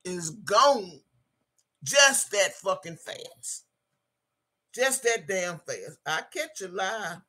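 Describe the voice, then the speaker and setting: Female streamer: tense, sharp voice with a raspy grain, combative and foul-mouthed, reading chat between jabs. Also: medium pitch, expressive, very slow. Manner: profane, combative, repetitive; reads out viewer chat. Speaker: livestream host. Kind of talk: angry livestream rant.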